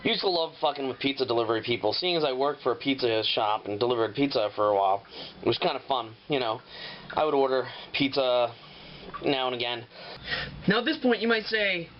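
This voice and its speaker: Brisk and animated, a man with a medium-pitched voice runs a laid-back home cooking show. He rambles through the kitchen steps, swearing without restraint, captured in dull lo-fi audio with clear noise.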